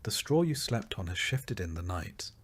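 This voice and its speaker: A man calmly narrating a soothing bedtime history story in the second person. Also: lowish voice. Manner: soft, soothing and unhurried.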